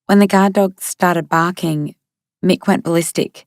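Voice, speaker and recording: A woman narrating an audiobook in a measured, steady manner into a close studio mic. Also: lowish voice, no room sound. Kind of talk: scripted narration.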